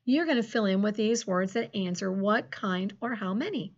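A middle-aged woman teaching a phonics lesson to second graders, encouraging and sing-song, drawing words out slowly. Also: mid-range voice, animated. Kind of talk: phonics lesson for young children. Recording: dull lo-fi classroom recording.

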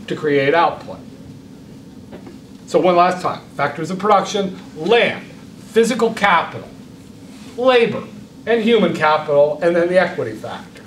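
A male professor gives an impassioned lecture in a fairly high voice, challenging his students directly with pointed rhetorical questions. He is picked up from a distance in a reverberant classroom with a faint hum of room noise behind him. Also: fairly bright tone. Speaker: economics lecturer. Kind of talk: university lecture.

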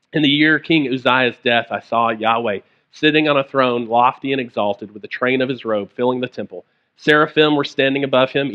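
A man's voice: medium pitch, dull audio. A man preaching a sermon in a church, telling stories in a conversational way with casual asides. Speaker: pastor.

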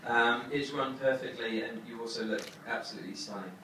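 A young man giving his wedding toast as the groom, halting with many fillers and fighting back tears. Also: mid-range voice, steady tone. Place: wedding reception hall. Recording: echoey hall from far off, crowd noise.

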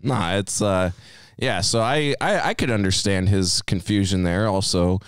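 Twenties male co-host, wisecracking and loose, low clear voice. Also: a little slow, no echo, clean studio sound. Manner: joking, swears freely, puts on silly voices for others. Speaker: podcast co-host. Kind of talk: casual chat.

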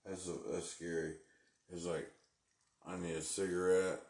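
A man's voice: sits low, flat delivery, a little slow, a little mellow, roomy sound. A man talking live from his home into a phone, agitated and cursing as he rambles. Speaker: livestreamer. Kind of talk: live-stream rant. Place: at home indoors.

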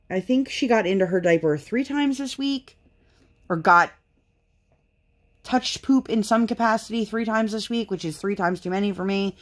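A woman's voice: mid-range voice, measured pace, long pauses, fairly bright tone. A mother in her thirties chatting casually while she crafts, rambling and candid, venting her frustration with sighs. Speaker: vlogger and mother.

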